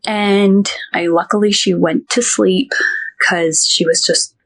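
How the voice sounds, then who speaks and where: Podcast guest, woman, 30s, emotional first-person storytelling, halting delivery. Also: mid-range voice, fairly even intonation, a bit bright. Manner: halting, many restarts, quotes others.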